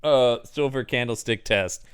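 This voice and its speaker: A man co-hosting a podcast in an animated, joking movie chat. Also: mid-range voice, smooth. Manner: animated, quick to laugh and act out quotes. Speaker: podcast co-host. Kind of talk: casual movie-discussion chat.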